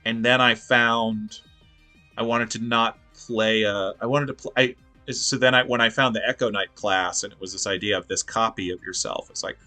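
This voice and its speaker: A man co-hosts a casual chat over a video call, his voice bright and forward. He talks in an animated, rambling way, circling his thoughts and laughing often. Faint music plays underneath. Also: on the low side, moderate pace. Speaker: podcast co-host.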